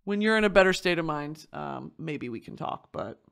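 A woman voicing a fed-up young woman who is walking out on her partner, speaking in a cold, flat, firm way. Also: low voice, moderate pace, creaky, clear, resonant tone, full character voice.

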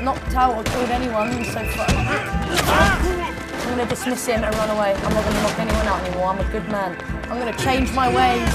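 A man giving excitable, shouty let's-play commentary. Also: sits high, normal speed. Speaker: gaming YouTuber. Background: loud game music and sounds.

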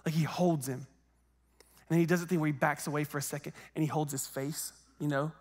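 A man's voice: a little high, steady tone, a little fast, a little mellow, big-room sound. Conversational young male preacher. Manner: conversational storytelling, acts out quoted voices. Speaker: guest preacher. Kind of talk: sermon. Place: church sanctuary.

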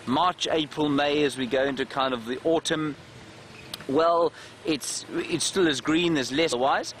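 A man's voice: a little high, unhurried, a bit bright, a little hiss or hum. A man hosting a live safari game drive, chatting and answering viewer questions as he drives outdoors with a clip-on mic. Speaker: safari guide and live show host. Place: open safari vehicle outdoors. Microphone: clip-on mic, sometimes slipping.

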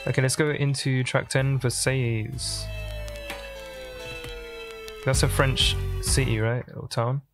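A man hosting a music reaction, thinking aloud in casual commentary with pauses and restarts. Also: medium pitch, little pitch movement. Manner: thinking aloud, musing and pausing.

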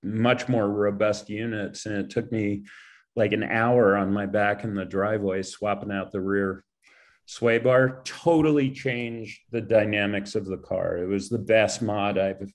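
Male podcast host, fairly low voice, frank and opinionated in casual chat. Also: fairly even intonation, measured pace. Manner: opinionated, blunt.

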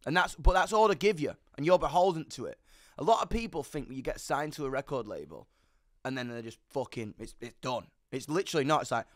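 Animated, sweary young Englishman. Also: mid-range voice, no room sound, studio quality. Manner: fast, animated, sweary storytelling. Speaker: musician guest. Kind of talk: candid storytelling chat.

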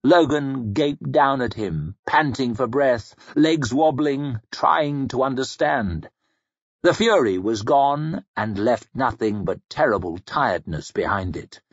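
A man narrating a fantasy audiobook in a grave, measured storytelling voice that sinks low in quiet passages. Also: animated, husky, dry recording. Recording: dull lo-fi audiobook recording.

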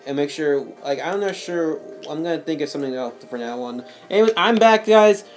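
Young male gaming host, rambling casual commentary, slightly high voice, faint game music behind. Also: brisk. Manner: rambling, repeats "though" and "anyways". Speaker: channel host and gamer.

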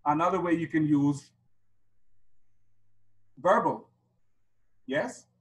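A man's voice: a little high, slow, poor audio. A middle-aged man leading a teaching workshop, asking the audience questions and chanting letters to a beat. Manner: asks the audience rhetorical questions. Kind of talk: workshop lecture with chanted demonstrations.

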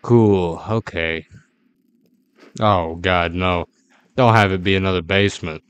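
A man's voice: low voice, fairly even intonation, moderate pace, fairly bright tone, clear, resonant tone, lo-fi sound. A man giving rambling, jittery, self-mocking commentary as a gaming YouTuber playing a horror game.

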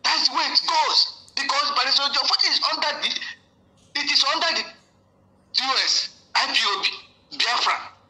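A man's voice: extremely high pitch, moderate pace, sharp tone. A man, a guest giving heated political commentary, ranting with many repeats and restarts. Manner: ranting, repetitive, full of restarts. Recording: echoey room.

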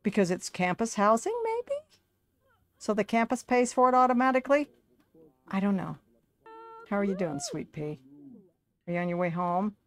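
A woman's voice: medium pitch, normal speed, long pauses. A woman giving casual, chatty commentary over her life-sim game, talking to her characters like a fussing parent. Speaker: gaming video creator.

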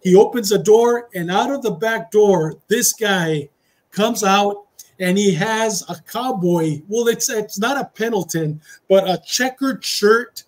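A middle-aged retired police officer tells a story in a casual interview, his voice sitting high and unhurried. He's an animated storyteller who acts out the dialogue, slipping into Spanish phrases.

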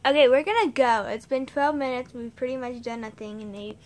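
Higher-voiced young woman with a cold. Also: brisk. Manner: teasing, playful. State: has a cold. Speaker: roommate and co-host. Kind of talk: casual chat with a friend.

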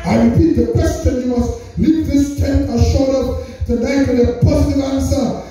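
Slow, high-voiced preacher in an echoey tent. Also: male voice, fairly even intonation, mellow, distant mic, soft background music. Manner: repetitive call-and-response preaching, drawn-out phrases. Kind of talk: revival sermon. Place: large tent.

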